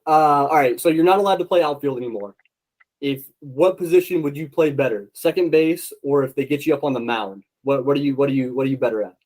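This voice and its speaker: A man's voice: mid-range voice, quick pace, a little mellow, low-quality recording. A man hosting a casual interview podcast, chatty with lots of filler words. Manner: chatty, many fillers, friendly. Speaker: podcast host.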